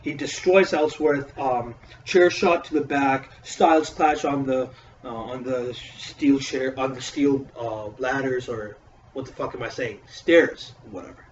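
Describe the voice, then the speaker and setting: A man hosting a casual wrestling review, talking in a profane, excitable and rambling way. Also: mid-range voice, a little slow, slight background noise. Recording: echoey room, distant mic, dull audio.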